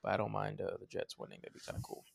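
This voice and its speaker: A man's voice: fairly low pitch, big pitch swings, rapid-fire, vocal fry, no room sound, studio quality. A man co-hosting a sports podcast, bantering casually with joking, profane picks. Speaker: podcast co-host.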